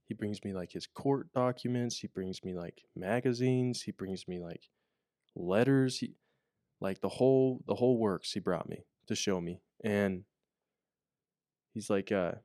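A man's voice: on the low side, a little mellow, dry recording, clean studio sound. A young man chatting casually on a podcast, rambling with lots of fillers and restarts. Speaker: podcast co-host, corrections officer. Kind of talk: casual chat.

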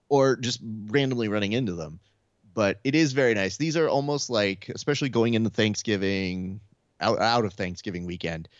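A man with a lowish voice chats casually on a podcast. He tells profane stories and slips into quoted voices of friends. The audio sounds dry and dull. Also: dry recording. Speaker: podcast co-host. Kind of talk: casual chat.

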